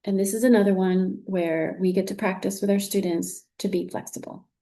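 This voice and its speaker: Female teacher trainer, mellow and patient, encouraging classroom delivery. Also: medium pitch, level tone, moderate pace. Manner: patient, encouraging, with frequent "very good". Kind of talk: recorded teaching demonstration.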